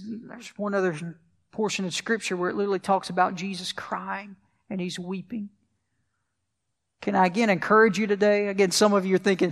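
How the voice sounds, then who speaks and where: A man's voice: sits high, fairly bright tone, big-room sound. A male pastor preaching a sermon, asking the congregation questions as he goes.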